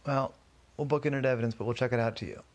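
A man's voice: medium pitch, fairly even intonation, racing, natural voice. A man voicing a police officer who speaks curtly and officially. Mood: businesslike. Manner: curt, official. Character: brisk male police officer, commanding.

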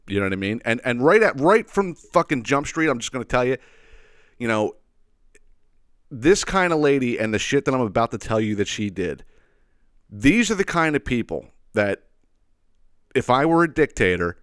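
Profane, animated man ranting. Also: medium pitch, normal speed, pauses often, dry recording, clean studio sound. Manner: profane, animated, repeats "you know what I mean". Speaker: podcast host. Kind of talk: ranting storytelling.

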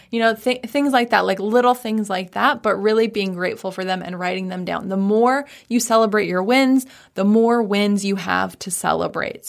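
A woman speaks in a relaxed, chatty way, with a gravelly, fry-tinged edge. She sounds like a coach sharing habits, upbeat and informal. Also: mid-range voice. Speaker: business coach. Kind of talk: casual mindset talk. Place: home office.

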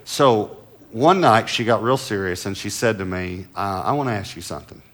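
Low-voiced man preaching a sermon. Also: moderate pace. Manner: storytelling, swings from loud emphatic lines to soft hushed asides. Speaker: pastor.

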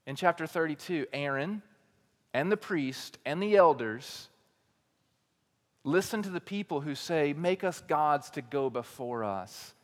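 A man preaching as a teaching pastor. He swings between quiet, low emphasis and loud, raised declarations, and he asks a lot of rhetorical questions. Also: expressive, unhurried, long reverb tail. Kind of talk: sermon.

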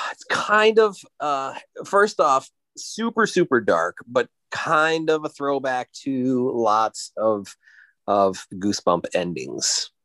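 A man's voice: medium pitch, a bit bright, no echo. A man co-hosting a casual podcast, chatting with wry, joking asides. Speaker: podcast co-host.

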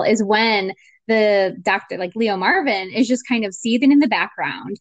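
A woman co-hosting a casual movie discussion, retelling scenes in a chatty, animated way. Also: medium pitch, moderate pace, no room sound. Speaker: podcast co-host.

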